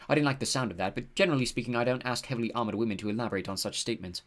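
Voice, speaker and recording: Brief: male audiobook narrator, mid-pitched, even and unhurried storytelling. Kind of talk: scripted narration.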